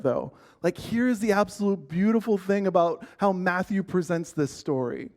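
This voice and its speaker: A man with a high-sitting, slightly mellow voice teaches an informal church lesson in a casual, conversational style. He often asks the group questions and keeps restarting sentences, using plenty of filler words.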